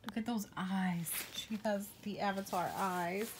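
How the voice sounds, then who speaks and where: A woman's voice: medium pitch, fairly even intonation, a little slow, noisy background. A woman vlogger in casual unboxing chat at home, gushing and exclaiming often, trailing off mid-sentence. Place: home with a pet bird.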